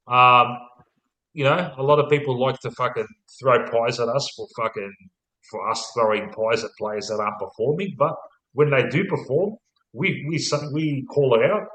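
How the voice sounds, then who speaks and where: A man's voice: medium pitch, normal speed, a bit bright, echoey room, rough recording. A young Australian man co-hosting a casual football chat, rambling and swearing constantly in a laid-back way. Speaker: podcast co-host.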